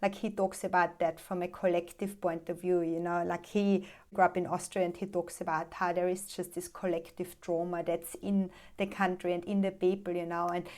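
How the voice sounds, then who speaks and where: A woman hosting a conversational podcast, speaking in a fairly low, even voice that stays flat in pitch. She reflects at length, letting her thoughts flow on in long sentences. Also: moderate pace, few pauses. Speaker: podcast host. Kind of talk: conversational interview.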